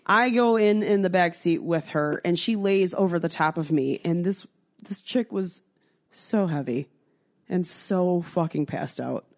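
A woman co-hosting a podcast, telling a wild night-out story in a casual, animated way, swearing freely and acting out the voices of the people in it. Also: fairly low pitch, measured pace. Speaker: podcast co-host.

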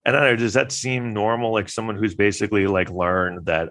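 A man's voice: fairly low pitch, fairly even intonation, brisk, hardly any pauses, fairly bright tone. A man talking in a rambling, wry casual monologue, full of fillers and restarts.

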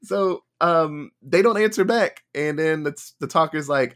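A man's voice: on the high side, measured pace, few pauses. A man casually retelling a movie plot on a podcast, acting out bits of dialogue and laughing as he goes. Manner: animated retelling with acted-out quotes and laughter. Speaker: podcast co-host. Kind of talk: casual movie review chat.

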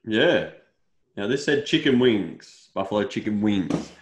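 In an echoey room, an Australian co-host with a fairly low voice speaks a little slowly during a casual podcast chat. His ranting is animated, laced with swearing and plenty of "mate."

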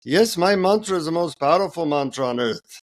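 A man doing a calm Indian guru. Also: on the high side, moderate pace, voice pushed up. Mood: serene, stern.

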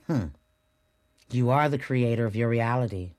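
A woman's voice: a bass voice, brisk, no room sound, studio quality. A woman hosting a spiritual motivational podcast, talking straight to her listeners and repeating affirmations with emphasis. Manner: addresses listeners directly and warmly as a group. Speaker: podcast host.

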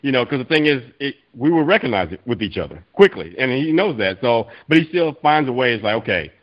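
A man talks quickly in a loose, rambling way, full of "you know" and "like," about coaching his training classes. The recording is dull and lo-fi, and his pitch sits in an ordinary middle range. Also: big pitch swings. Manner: rambling, repeats fillers. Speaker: strength coach. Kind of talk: casual podcast chat.

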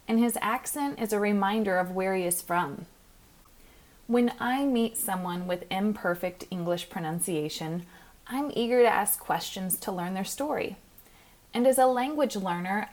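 A woman hosts a podcast as a pronunciation coach, reading from a script. Her delivery is clear, measured and instructive, at a middling pitch.

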